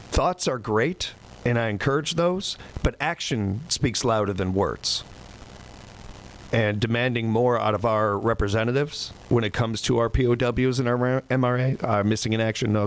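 Male country radio host, low-pitched, folksy and rambling, faint room hum behind. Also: rough recording. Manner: folksy, rambling, self-deprecating. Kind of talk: casual radio show chat.

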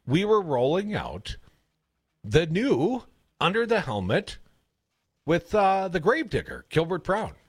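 A man with a Wisconsin accent hosting a radio show, telling rambling stories in a casual, animated way. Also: sits high, measured pace, pauses often, slightly rough, no room sound. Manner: chatty, rambling storyteller, animated. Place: radio studio. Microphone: studio broadcast mic.

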